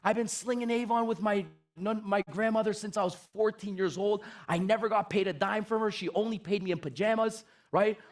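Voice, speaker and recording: A man giving an energetic stage talk on sales, telling animated stories and acting out the dialogues. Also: sits high, a little fast, hardly any pauses. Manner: animated storytelling, acts out dialogues. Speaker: motivational sales speaker.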